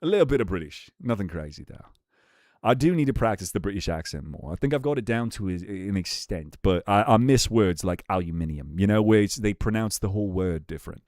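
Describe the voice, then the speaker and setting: A man's voice: on the low side, fairly quick, few pauses, a little mellow, no echo, clean studio sound. A young man streaming live, chatting casually with his chat, swearing freely and laughing often. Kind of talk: livestream chat reaction.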